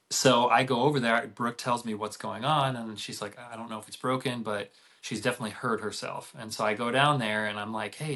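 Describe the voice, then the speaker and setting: A man's voice: medium pitch, bright, forceful tone. A middle-aged man, a podcast guest, telling a family story in a casual, rambling way with many restarts.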